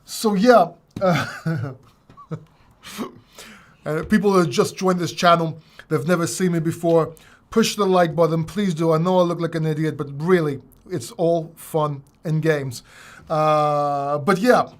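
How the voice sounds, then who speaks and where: Man, high voice, casual livestream host, self-mocking, rambling. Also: measured pace. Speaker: crypto channel host.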